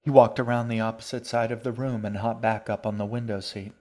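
A man with a fairly low voice reads a children's storybook aloud in a calm, even way. His narration is steady and unhurried, the tone of someone reading a chapter at bedtime.

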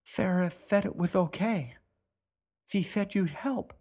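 A man's voice: high-pitched, slow, a little mellow, pitched above the performer's own voice. A man voicing a determined young girl who pleads, her voice breaking. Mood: pleading.

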